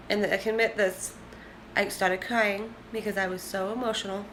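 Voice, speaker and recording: A woman's voice: medium pitch, fairly even intonation, normal speed, a bit bright, a little hiss or hum. A young woman in a casual vlog, chatting candidly and rambling to the camera. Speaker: vlogger.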